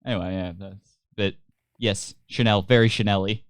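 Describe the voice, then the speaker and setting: Smooth-voiced man in casual podcast banter. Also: fairly low pitch, moderate pace, no room sound, studio quality. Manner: laughs often, animated when mocking others. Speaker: podcast co-host. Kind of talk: casual chat.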